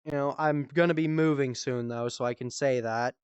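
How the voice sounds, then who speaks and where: A man's voice: mid-range voice, steady tone, normal speed, darkish tone, smooth, dry recording, dull audio. A young man streaming on a headset mic, rambling through profane comic stories and laughing at his own jokes. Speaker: streamer comedian. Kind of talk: casual comedic storytelling.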